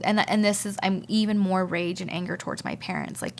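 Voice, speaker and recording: Woman, podcast guest, personal testimony, gravelly fry in her voice, halting and repetitive. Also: mid-range voice, fairly even intonation. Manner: halting, repeats words while recalling.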